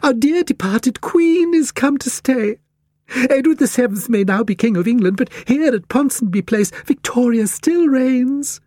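A man's voice: extremely high pitch, lively intonation, measured pace, darkish tone, dry recording, studio quality, voice pushed up, exaggerated voice. A man putting on a fluttery genteel old cat lady. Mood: excited. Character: excitable elderly spinster cat lady.

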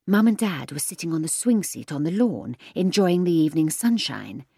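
A woman reading a children's story in the first person, expressive and often hushing to a whisper, close to a studio mic. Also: lowish voice, moderate pace, vocal fry, husky. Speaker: audiobook narrator.

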